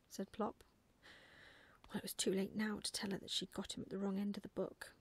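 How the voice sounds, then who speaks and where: A woman reading a bedtime story aloud in whispered role-play, soft and slow. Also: mid-range voice, level tone, gravelly, slightly rough, dry recording.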